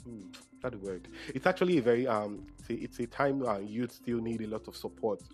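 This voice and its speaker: A man's voice: medium pitch, lively intonation, brisk, darkish tone, faint music behind. A young Nigerian man talking casually in a solo monologue, emotional and often correcting himself mid-sentence. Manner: chatty, self-correcting, emotional.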